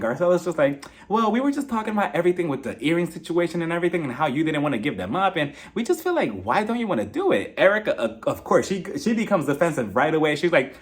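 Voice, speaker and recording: A man's voice: on the high side, fast. A young man giving a casual, gossipy reality TV recap and acting out the cast's lines in mock voices. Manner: animated, gossipy, acts out quotes in mock voices. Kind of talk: casual commentary.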